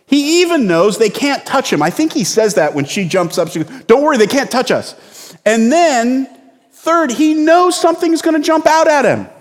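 High-voiced pastor preaching in a hall. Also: male voice, lively intonation, moderate pace. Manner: conversational, storytelling preacher with sudden bursts of emphasis. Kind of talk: sermon.

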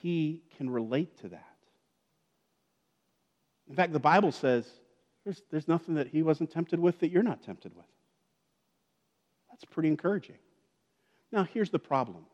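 A man's voice: on the high side, lively intonation, a little slow, pauses often, a little mellow, muffled recording. A man preaching a conversational sermon as a pastor, with joking asides and frequent check-ins like "okay?" and "right?". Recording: long reverb of a large hall.

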